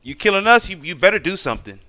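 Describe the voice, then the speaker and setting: Bright-voiced ranting gamer man. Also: sits high, sing-song, fast talker, dry recording. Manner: exasperated, profane ranting. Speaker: gaming streamer. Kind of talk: casual gameplay commentary.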